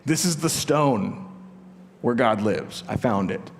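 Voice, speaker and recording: A man preaching who voices Jacob as an awestruck, excited young man, in a reverberant church. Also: medium pitch, slow pace, slight background noise, pitched below the performer's own voice.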